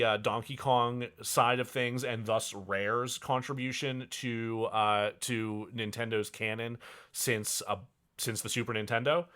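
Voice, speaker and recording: A man co-hosting a podcast in casual chat, animated and quick to riff. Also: medium pitch, clear, resonant tone. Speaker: podcast co-host. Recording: audio-only podcast.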